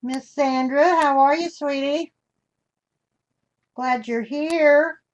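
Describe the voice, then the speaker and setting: A woman's voice: sits high, slow. An older woman hosting a live craft demonstration, chatting in a homey way and greeting viewers with endearments. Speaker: craft show host.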